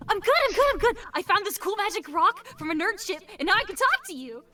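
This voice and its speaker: A woman voicing a playful, excitable teenage girl ghost who giggles and chatters cheerfully. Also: very high voice, unhurried, voice pushed up, heavily acted. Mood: giddy. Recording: distant mic, faint music behind.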